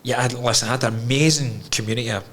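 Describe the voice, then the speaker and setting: A man's voice: medium pitch, steady tone, very fast, a bit bright, slight background noise. A man, a podcast guest telling his own story candidly, frank and emotional, swearing freely.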